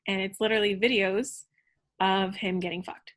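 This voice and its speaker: A woman's voice: medium pitch, steady tone, moderate pace, fairly bright tone. Young woman telling a candid, profane story. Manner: candid, profane, many fillers. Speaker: podcast guest. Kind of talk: casual storytelling chat.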